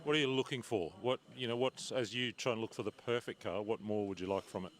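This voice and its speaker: A man working as a pit reporter, asking brisk, friendly questions at trackside. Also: fairly low pitch. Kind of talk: trackside interviewing.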